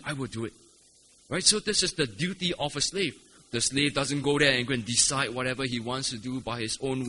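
Bright-voiced man preaching in a reverberant hall. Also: mid-range voice, a little hiss or hum. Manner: explains patiently, asks rhetorical questions, keeps adding "right?". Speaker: pastor. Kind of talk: expository sermon. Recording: long hall reverb, faint ambience.

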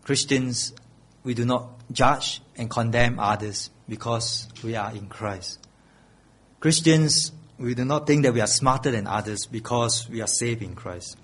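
A man's voice: mid-range voice, a little slow, a bit bright, breathy edge. A middle-aged male pastor preaching a sermon, earnest and pleading, repeating his key phrases.

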